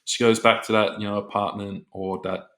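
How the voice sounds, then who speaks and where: A young man with a slightly low voice reviews a film in casual, rambling talk. He fills his sentences with "you know" and "like" and acts out his own reactions as he goes. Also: flat delivery, moderate pace, fairly bright tone. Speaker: movie reviewer.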